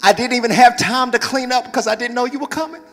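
High-voiced, bright male preacher in a hall. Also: fast. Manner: preaching with rising intensity, then dropping into quiet prayerful speech; repetitive call-and-response exhortation. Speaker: pastor. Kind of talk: sermon. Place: church sanctuary. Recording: reverberant church hall with music. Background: music from church musicians.

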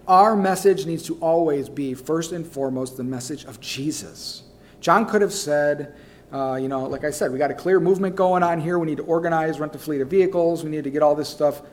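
A male pastor delivers a sermon in a fairly high voice. He drives his points home by repeating them, dropping into quiet low asides before rising into loud calls. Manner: emphatic, repeats key phrases.

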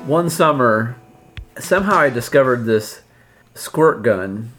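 A man telling a comic anecdote in a casual podcast style. His voice sits at an ordinary middle pitch. He pokes fun at himself as he goes. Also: lively intonation, slow, over loud music. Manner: humorous, self-deprecating. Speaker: storyteller on a podcast. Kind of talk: casual storytelling.

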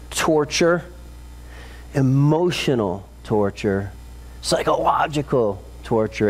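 Impassioned male preacher, dramatic swings. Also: a little mellow. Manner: dramatic, rising to intense high peaks then dropping low and slow. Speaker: pastor. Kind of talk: sermon.

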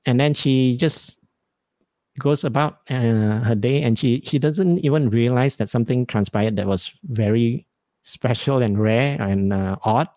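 A man's voice: medium pitch, unhurried, mellow, dry recording. Chatty man, dry close mic. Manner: rambling, self-mocking, laughs often. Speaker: podcast host. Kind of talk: casual comedic storytelling.

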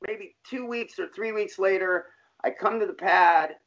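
A dull lo-fi recording captures a middle-aged man with a high voice and fairly bright tone, speaking a little slowly. He candidly tells his life story in an interview, using blunt, profane street talk.

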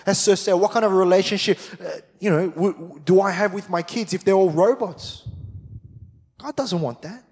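A man's voice: sits high, normal speed, darkish tone, husky. A middle-aged man preaching a sermon as pastor, fired-up and emphatic with repeated phrases. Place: large church hall. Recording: long church hall reverb.

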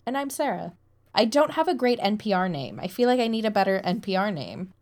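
A woman's voice: mid-range voice, very animated, a little fast, darkish tone. A woman co-hosting a podcast in casual chat, playful and swearing offhandedly. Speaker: podcast co-host.

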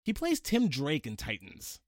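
A man's voice: fairly high pitch, huge pitch swings, unhurried, dry recording, clean studio sound. A man hosting a casual movie review chat, enthusiastic and gushing, often stammering as he restarts his sentences. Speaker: podcast host.

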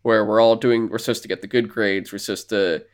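A man's voice: lowish voice, fairly even intonation, brisk, smooth. Casual, profane man recapping a film. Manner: rambling, profane, acts out characters' lines. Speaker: podcast co-host.

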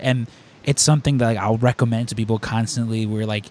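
Male host, rambling casual storyteller, filler-heavy, mid pitch. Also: quick pace, slight background noise. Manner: animated storyteller. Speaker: podcast host. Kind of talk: casual chat.

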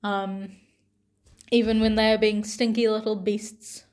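A young woman talking gently and tenderly to her younger self, with pauses and soft laughs. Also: medium pitch, little pitch movement. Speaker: vlogger.

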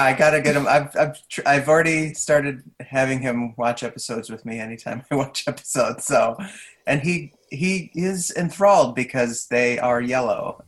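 A man in his thirties talks casually in a sleepy early-morning voice. He is hesitant, restarts often and laughs easily. His pitch sits in the middle. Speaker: podcast guest, trivia host. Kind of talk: casual chat.

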